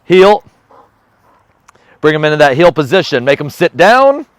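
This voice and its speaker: Upbeat man vlogging, slightly high voice. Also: very animated, a little fast, no echo. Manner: upbeat, chatty, giving short firm dog commands. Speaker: vlogger and dog trainer. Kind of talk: casual how-to vlog. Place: outdoors training a dog.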